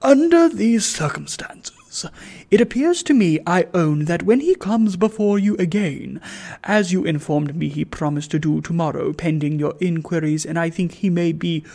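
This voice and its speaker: A man voicing a pompous, self-righteous wealthy old gentleman in a storybook reading, speaking slowly and loftily. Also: a little high, vocal fry. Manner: slow, lofty, emphatic. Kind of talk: audiobook reading.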